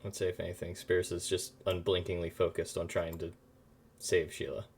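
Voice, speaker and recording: A man playing a tabletop game, speaking calmly and earnestly about his character. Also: low-pitched, normal speed, slight background noise. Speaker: player.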